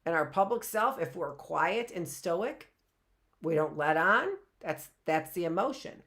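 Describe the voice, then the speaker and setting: A woman's voice: on the low side, animated, measured pace, a bit bright. A middle-aged woman teaching a live online class in a chatty way, often checking in with "right?" and rhetorical questions.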